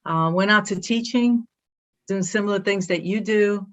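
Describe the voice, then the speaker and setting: A woman's voice: mid-range voice, moderate pace. A woman from Brooklyn with a Brooklyn accent, proudly telling her story as an interview guest. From Brooklyn, New York. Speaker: guest, athletic director. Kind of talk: casual interview.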